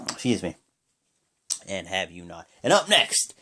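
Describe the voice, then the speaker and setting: A man giving a casual, rambling play-by-play recap of a wrestling show. He strings events together with "and then" and "pretty much" and jumps into higher bursts on big moves. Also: big pitch swings, moderate pace, bright, forceful tone.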